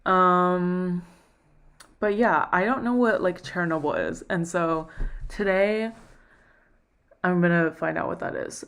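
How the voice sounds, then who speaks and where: A woman's voice: fairly low pitch, slow pace, long pauses, fairly bright tone, clean tone. A young woman chatting on a live stream, rambling and self-conscious, out of breath from running. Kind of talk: casual live stream chat.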